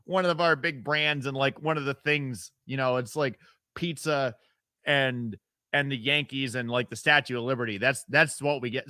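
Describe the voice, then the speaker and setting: A man's voice: mid-range voice, steady tone, normal speed, sharp tone, no room sound. Upstate ny radio host guy, sarcastic and rambly, super dry close sound. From upstate New York. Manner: opinionated, rambling, with fillers and sarcastic asides; mocks others by putting on their voices. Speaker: radio talk show host. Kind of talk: casual call-in talk radio.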